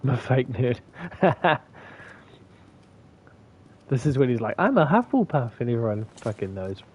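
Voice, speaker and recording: A man's voice: mid-range voice, measured pace, darkish tone. A man from New with a slight lisp, mumbling and laughing through casual, profane commentary as he streams a game. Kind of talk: casual live gameplay commentary.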